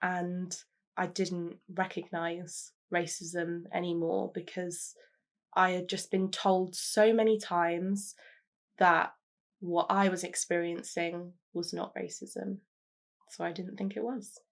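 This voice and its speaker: A woman's voice: fairly low pitch, level tone, slow pace, vocal fry. Candid young woman, reflective. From London, England. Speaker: interviewee. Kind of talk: personal testimony to camera.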